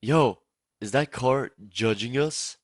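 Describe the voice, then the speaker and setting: A man voicing his stoned young friend, slow, wondering and dead serious. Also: mid-range voice, no room sound, studio quality, voice pushed up. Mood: dazed.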